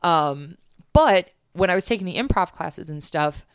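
A woman with a low-pitched voice talks casually, rambling with frequent fillers and restarts. The recording is dry and close. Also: animated, normal speed, clean tone, no room sound. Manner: chatty, lots of fillers and restarts. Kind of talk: casual chat.

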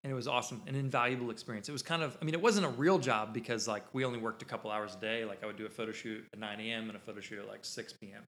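Rambling man telling a story, echoey room. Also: mid-range voice. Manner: rambling, self-interrupting, animated storyteller. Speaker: podcast host. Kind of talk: casual podcast storytelling. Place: podcast studio.

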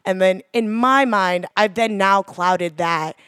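A woman's voice: mid-range voice, takes it slowly, a bit bright, clean tone, no room sound, studio quality. A woman, earnestly telling a personal story in a chatty way, full of "like". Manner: chatty, heavy use of "like", earnest.

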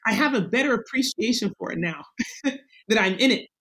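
A woman in her forties, a guest in a conversational interview, talking in an animated, emphatic way and acting out little voices as she goes. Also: fairly high pitch, moderate pace, slightly rough, rough recording.

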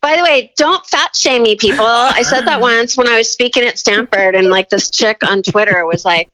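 A woman being interviewed about her business, telling lively stories in a talkative way, full of "like" and "right?". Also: fairly high pitch, normal speed, no echo, low-quality recording. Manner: animated, talkative, lots of "like" and "right?". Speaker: guest, brand naming business owner. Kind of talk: casual interview storytelling.

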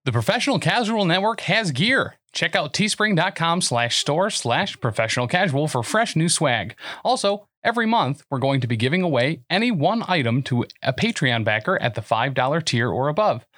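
A man's voice: on the high side, animated, sharp tone, dry recording. Man reading podcast promos. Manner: brisk scripted read of plugs. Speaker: podcast announcer. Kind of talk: read promo announcement.

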